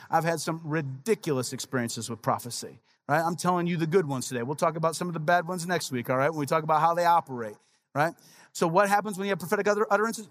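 A man's voice: on the high side, fairly bright tone. A man in his forties preaching a sermon as pastor, telling personal stories in a conversational way with frequent asides to the congregation.

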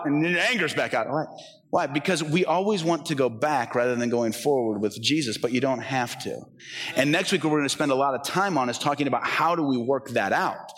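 A pastor in his forties preaching a conversational, animated sermon in a church, often acting out the voices he quotes. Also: medium pitch, fast talker, in a large hall. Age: 40s.

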